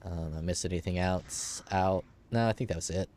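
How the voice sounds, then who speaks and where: Streaming a game, a forties-aged man with a stuffed-up nose talks in an easygoing, edgy, youthful way, dropping casual swears along the way. He has a low, darkish voice and keeps to a normal speed.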